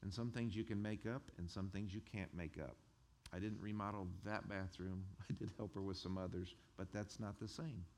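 A male pastor who preaches a sermon in a conversational, animated way and chuckles between his points. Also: low-pitched, moderate pace.

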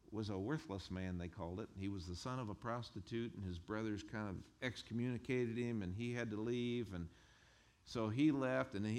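Conversational man preaching a sermon. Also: mid-range voice. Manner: conversational, animated, chuckles between points. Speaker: pastor.

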